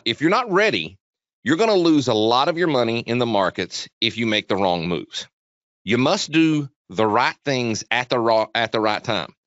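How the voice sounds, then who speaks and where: A man hosting a live trading webinar, chatty and energetic, talking quickly with frequent restarts. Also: medium pitch, no room sound. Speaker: webinar host, trading educator. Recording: dull, dry lo-fi sound.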